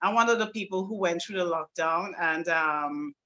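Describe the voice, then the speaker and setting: Trinidadian woman guest, bright and earnest, talking at length on a video call. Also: lowish voice, normal speed, muffled recording. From South Trinidad. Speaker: singer-songwriter and presenter. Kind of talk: guest speaking on an online show.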